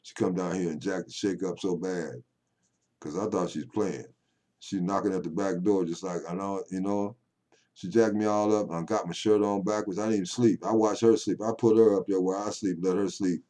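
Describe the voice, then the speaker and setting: A man's voice: sits low, steady tone, moderate pace, warm tone. An older man talking at home to camera in a rambling, folksy monologue that swings into call-and-response preaching. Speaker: poet vlogger.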